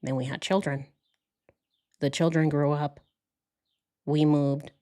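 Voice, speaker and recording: A woman doing a flat, robotic man. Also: low voice, slow pace, pitched below the performer's own voice. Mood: monotone. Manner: monotone, robotic. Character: flat, emotionless man reciting his family story.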